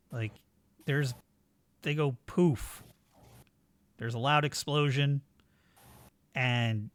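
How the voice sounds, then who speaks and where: A man's voice: medium pitch, fairly bright tone. A man narrating a tabletop role-playing game as game master, describing the scene casually with many fillers.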